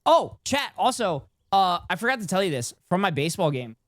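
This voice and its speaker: A man streaming a video game, chatting casually with his viewers in an excitable, profane way. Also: high-pitched, fast talker, no room sound, clean studio sound. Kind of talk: casual live-stream gameplay chat.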